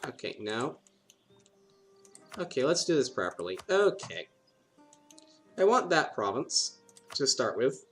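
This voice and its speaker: A man's voice: mid-range voice, sing-song, slow pace, pauses often, fairly bright tone, soft background music. A man giving rambling, playful commentary while playing a strategy game, talking to himself and laughing at his own jokes. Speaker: gaming video host.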